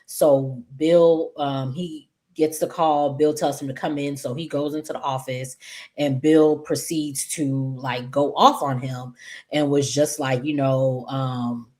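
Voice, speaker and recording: Sassy low-voiced woman recapping soaps. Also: unhurried. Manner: chatty, animated, sassy asides to viewers. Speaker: soap opera recap host. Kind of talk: casual episode recap.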